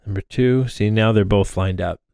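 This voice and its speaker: Recorded on a close mic in front of him, with no echo and clean studio sound, a man in his thirties rambles casually about building a drone frame, full of fillers and restarts. His voice is fairly low, creaky and dark-toned, at normal speed.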